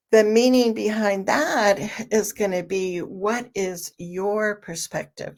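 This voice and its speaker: A woman giving a relaxed online training talk for parents, explaining slowly with plenty of fillers. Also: fairly low pitch. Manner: slow, conversational explaining with frequent fillers; repeats a question with shifting emphasis.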